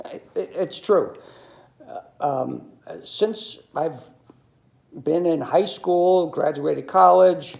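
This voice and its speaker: A man, telling stories in a halting monologue full of ums and uhs. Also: fairly high pitch, creaky, a little mellow. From New York City. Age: 60s. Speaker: video commentator. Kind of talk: monologue to camera.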